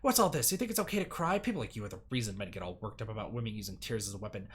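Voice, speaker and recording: A man's voice: on the low side, lively intonation, racing, slightly rough, pitched below the performer's own voice. A man voicing a stern, secretary-like older woman who scolds harshly, reading video game dialogue aloud on a stream. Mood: scornful. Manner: harsh, commanding, sharp-tongued.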